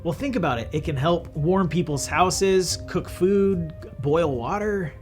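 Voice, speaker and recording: A man's voice: a little high, unhurried, a little mellow, soft background music. A young man teaching a scripted Bible lesson to children in a friendly, patient way.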